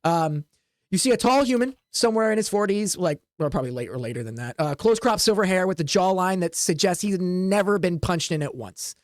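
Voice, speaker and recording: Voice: mid-range voice, animated, a little fast, no room sound. Hesitant game master narrating a tabletop game. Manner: rambling, hesitant, with many "like" and "um".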